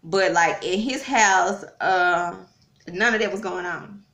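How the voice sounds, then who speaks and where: A woman's voice: on the low side, slow, a bit bright. A woman telling a personal story to her viewers in a chatty, casual way. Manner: chatty, addresses viewers, frequent fillers. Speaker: vlogger. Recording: roomy echo.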